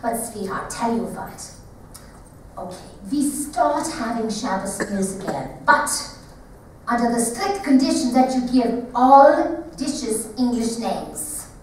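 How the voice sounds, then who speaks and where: A woman's voice: fairly high pitch, expressive, slow pace, darkish tone, a little hiss or hum. A woman doing a cautious, scolding father. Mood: stern. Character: cautious, anxious middle-aged immigrant father. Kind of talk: one-woman stage show. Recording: echoey theater from far off.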